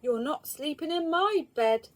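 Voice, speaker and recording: A woman's voice: high voice, lively intonation, unhurried, pitched above the performer's own voice. A woman doing an indignant medium-sized bear.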